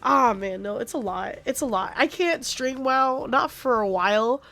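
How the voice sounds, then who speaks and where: A woman's voice: a little high, normal speed, fairly bright tone. A woman streaming a game, chatting casually in a rambling, profane and passionate way. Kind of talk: casual gaming stream chat.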